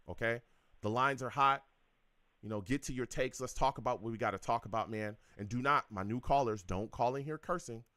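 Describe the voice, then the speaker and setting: A sports call-in host goes on a live radio rant, exasperated and heated, repeating his points. His medium-pitched voice sounds bright and forceful in a dry recording.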